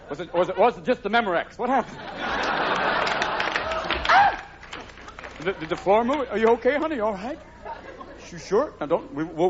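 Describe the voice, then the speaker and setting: Manic high-voiced man doing stand-up. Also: very noisy. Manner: manic, jumping between many silly character voices. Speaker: stand-up comedian. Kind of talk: live stand-up comedy. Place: theater stage before a live audience. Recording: lo-fi live recording with loud laughing crowd.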